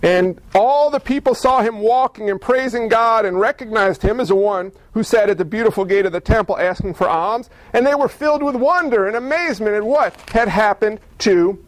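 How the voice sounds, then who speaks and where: A male pastor delivers his sermon with a strikingly high voice. He preaches in an animated way and acts out the people in his stories. The sound is dry and close. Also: moderate pace, few pauses, no echo, rough recording.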